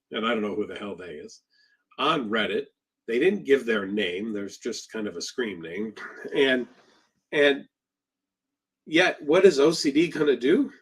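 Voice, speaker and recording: A man's voice: mid-range voice, husky. A man who is a therapist, answering questions in a live session in an emphatic, conversational way, full of rhetorical questions. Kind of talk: live Q&A talk.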